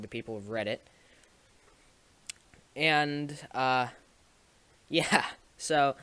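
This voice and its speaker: A man's voice: mid-range voice, bright, forceful tone, clear, resonant tone, dry recording. A young man telling a casual story to camera, rambling with restarts and small laughs. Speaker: streamer and video maker.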